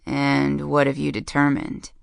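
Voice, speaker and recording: A guarded young man with a gruff, growling edge, as a woman reads him in an audiobook. His voice sits low and moves unhurried, each word spoken clearly. The sound is dry and close. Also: completely flat delivery, no echo, exaggerated voice. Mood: wary. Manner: gruff, terse.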